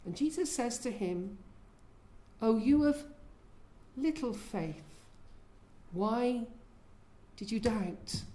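Earnest woman preaching, mellow tone. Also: fairly high pitch, lively intonation, slow, pauses often. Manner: earnest, asks the listeners questions. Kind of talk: sermon.

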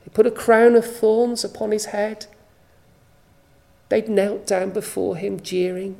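A woman preaching a sermon at a church service, slow and emphatic, with repeated phrases for weight. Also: medium pitch, fairly even intonation, vocal fry, mellow.

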